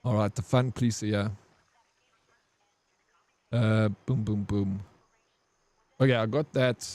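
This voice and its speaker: A man chatting casually while he plays a game, wandering through a long story and dropping curses and "bro" at every turn. His voice is mellow and dark, and it sounds dry and close with no room echo. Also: on the low side, fairly even intonation, slow. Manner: rambling, profane, says "bro" a lot. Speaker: game streamer. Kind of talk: casual storytelling over gameplay.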